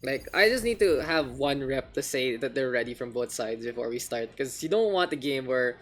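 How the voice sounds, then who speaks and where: A man's voice: mid-range voice, lively intonation, moderate pace, fairly bright tone. A man with a Filipino accent, hosting a casual game stream and swearing loosely as he mixes English with Filipino. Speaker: caster and stream host.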